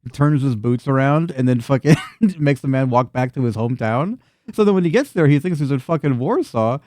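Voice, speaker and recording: A man's voice: mid-range voice, animated, fairly quick, a little mellow, no room sound, studio quality. A man narrating a tabletop game as game master, casual and laughing, with frequent swearing.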